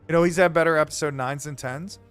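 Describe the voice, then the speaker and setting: A man streaming live, talking in a rambling, excitable, profane rant to his chat. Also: on the high side, fast, smooth, soft background music. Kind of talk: casual chat while live streaming a game.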